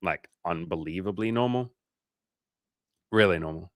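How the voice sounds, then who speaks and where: A man's voice: low voice, moderate pace, dry recording, clean studio sound. A young man coaching on a livestream, chatting casually, joking and swearing while reassuring viewers. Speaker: dating coach. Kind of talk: casual livestream chat reading viewer comments.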